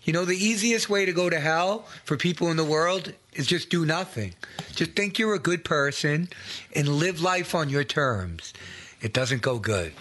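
A man's voice: a little high, animated, moderate pace, a bit bright. Earnest man exhorting in a sermon. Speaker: preacher.

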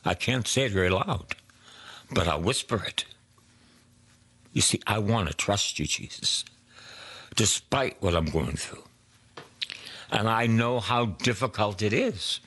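Male preacher, measured and emphatic, very lively pitch, hushed prayer asides. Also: breathy edge. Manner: slow, emphatic preaching with soft whispered prayers. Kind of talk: sermon.

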